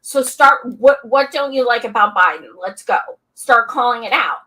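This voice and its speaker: A woman's voice: fairly high pitch, normal speed, bright, forceful tone, poor audio. A woman co-hosting a political podcast, blunt, outspoken and playful in casual chat. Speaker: podcast co-host.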